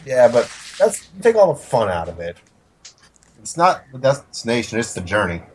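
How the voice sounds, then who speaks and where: A man's voice: medium pitch, sing-song, normal speed, a little hiss or hum. A man playing a tabletop game, casual and bantering. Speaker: player.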